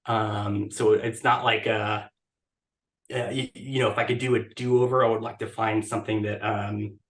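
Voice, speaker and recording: Low-ish guy on a video call, lots of ums and restarts, chatty guest. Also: little pitch movement, moderate pace, fairly bright tone. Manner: hesitant, many restarts and fillers. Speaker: podcast guest, blog editor. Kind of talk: casual interview talk.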